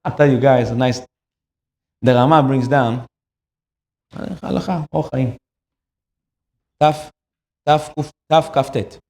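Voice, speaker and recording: A man giving a sermon as a rabbi, telling a story in an animated way and acting out the characters. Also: mid-range voice, takes it slowly, creaky, long pauses, echoey room.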